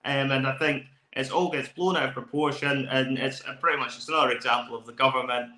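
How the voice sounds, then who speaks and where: A man's voice: medium pitch, steady tone, fast, pushed and bright. A man co-hosting a casual podcast, opinionated and full of ums and uhs. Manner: opinionated, hesitant with many fillers. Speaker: podcast co-host. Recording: echoey room.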